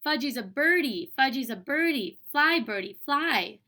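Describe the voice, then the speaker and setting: A woman voicing a toddler boy who babbles in baby talk, singsong and excitable. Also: sits high, measured pace, pitched above the performer's own voice, exaggerated voice. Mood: excited.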